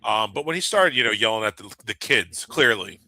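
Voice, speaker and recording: A man co-hosting a wrestling talk show in casual, animated chat, laughing often. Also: fairly low pitch, a little fast, rough recording. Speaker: wrestling podcast co-host.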